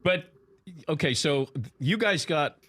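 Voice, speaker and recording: A man's voice: a little high, expressive, takes it slowly, sharp tone. A male interviewer prodding his guest with questions and laughing along. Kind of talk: casual interview banter.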